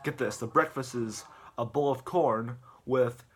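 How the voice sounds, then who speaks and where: A man's voice: mid-range voice, a little slow, fairly bright tone, slightly rough. A man recapping a video in a casual, rambling rant, with stammering restarts and filler words. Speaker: video host.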